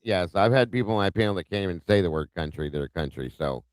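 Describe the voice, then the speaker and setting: Deep, smooth male host, relaxed, dry close sound. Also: fast, no room sound. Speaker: live-stream host. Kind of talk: casual live-stream chat.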